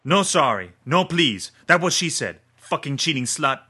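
A man's voice: high voice, big pitch swings, fairly quick, sharp tone, slightly rough, pitched above the performer's own voice, exaggerated voice. A man voicing a small filthy gunman who shrieks in broken English with a rodent-like squeal. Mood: shrieking.

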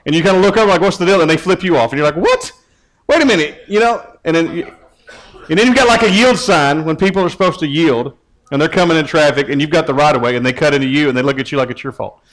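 A man's voice: a little high, fast, a bit bright, rough recording. Man giving a casual sermon. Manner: conversational, repeats words when starting phrases. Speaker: youth pastor.

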